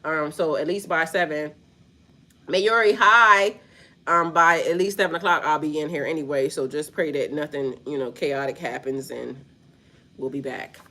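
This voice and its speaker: Here the spiritual reader's voice is deep and steady, a bit bright, at normal speed. She talks to her livestream chat directly, blunt and profane, with frequent laughter and slangy repetition.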